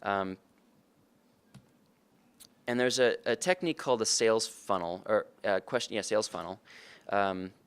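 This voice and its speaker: A man's voice: fairly low pitch, moderate pace, pauses often, smooth. A man giving a conversational conference talk, earnest and often putting questions to the audience. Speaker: conference speaker. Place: conference room.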